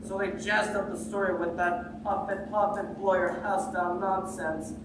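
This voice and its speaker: A woman's voice: medium pitch, flat delivery, normal speed, background noise, natural voice. A woman playing a sniffling wolf pleading his case. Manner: sing-song rhyming storytelling, breaks into song. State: stuffy with a cold, sneezing. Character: sniffling male wolf defendant telling his side. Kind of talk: high school stage musical. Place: school stage. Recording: echoey auditorium from far off, loud music.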